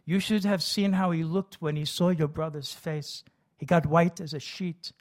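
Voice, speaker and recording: A man voicing a fretful, scolding middle-aged mother in a storytelling reading, with a shrill, nagging manner. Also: fairly even intonation, moderate pace, lightly acted. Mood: worried.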